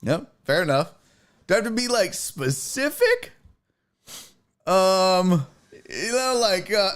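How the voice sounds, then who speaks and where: A man hosting a sports stream in casual chat, reading viewers' messages. He talks unhurriedly, but his pitch leaps around in excitable bursts, with swearing and filler words throughout. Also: a little slow. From Houston, Texas. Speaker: sports show host.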